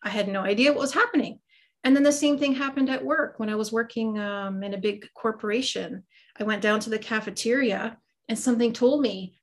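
A woman's voice: on the high side, fairly quick. A middle-aged woman, a guest on an interview, chatting about her life in a casual, self-deprecating way with lots of fillers. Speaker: guest, psychic medium and Reiki master.

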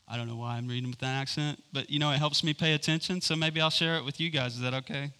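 A man's voice: fairly high pitch, steady tone, quick pace, hardly any pauses, sharp tone. A man giving informal, enthusiastic Bible teaching, rambling with many fillers and restarts.

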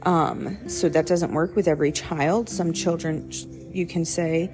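A low-pitched young woman talks in a loose, conversational devotional style, circling back and fixing her words as she goes. Soft music plays faintly underneath her voice. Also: steady tone, unhurried. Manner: rambling, self-correcting, conversational. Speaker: podcast host. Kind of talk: casual devotional talk.

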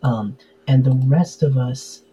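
A man's voice: mid-range voice, slow pace, warm tone, soft background music, low-quality recording. A man chatting casually as a podcast guest, full of fillers and easy laughs. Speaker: podcast guest, tabletop game player. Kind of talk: casual interview chat.

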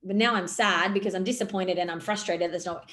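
A woman's voice: lowish voice, quick pace. Woman coaching in a loose, filler-heavy flow. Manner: animated, gestures while talking, many fillers. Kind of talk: podcast monologue.

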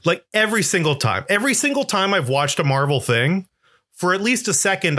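A man's voice: medium pitch, pushed and bright. A man in casual film discussion chat, rambling with lots of "like" fillers and getting emotionally worked up. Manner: swears when worked up. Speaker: podcast co-host.

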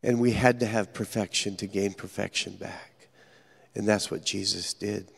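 A man preaching a sermon as pastor, telling stories earnestly with dramatic pauses. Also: lowish voice, steady tone, gravelly, breathy edge. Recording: echoey hall reverb.

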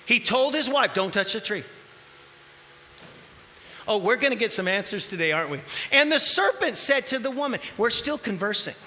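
Preacher, male, high and lively delivery, slow and deliberate, echoing hall. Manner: animated, acts out voices in the scripture, shouts at peaks. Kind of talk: sermon.

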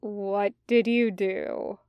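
Woman doing a disbelieving older-brother type in an audiobook, drawn out and clear. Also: medium pitch, steady tone, extremely slow, a little mellow, dry recording. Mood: incredulous.

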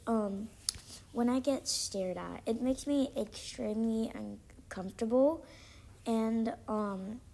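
Woman host, solo casual podcast; slightly high, slow, filler-heavy delivery, mildly exasperated. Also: a little mellow. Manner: chatty and exasperated, full of ums and likes. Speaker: student.

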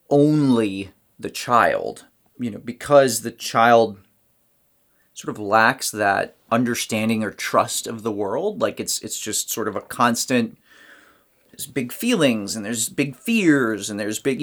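A man's voice: fairly low pitch, slow, gravelly, a bit bright. A man speaking as a guest in a casual conversation, reflective and rambling with many fillers.

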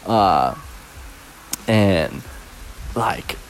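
A man's voice: low voice, lively intonation, drawn-out words, slight background noise. A young man hosting a podcast, telling stories from his teaching job in a rambling, laughing way, full of fillers. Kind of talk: casual storytelling podcast.

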